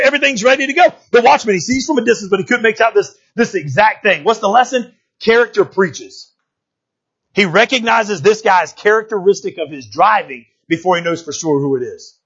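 A man's voice: high voice, expressive, fairly quick, fairly bright tone, husky, lo-fi sound. A man preaching a sermon as pastor, emphatic, often repeating words and asking "right?" to the congregation.

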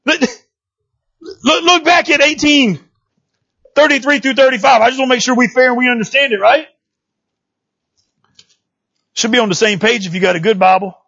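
A man preaching a sermon in an animated, conversational way, full of casual slang and quick rhetorical asides to the congregation. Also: very high-pitched, vocal fry, highs cut off.

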